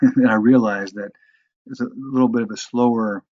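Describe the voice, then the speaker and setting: A man teaching book-selling phone tactics in a halting lecture, with many restarts. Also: medium pitch, fairly even intonation, no echo. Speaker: sales trainer. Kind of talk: recorded sales lecture. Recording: muffled, dry lo-fi recording.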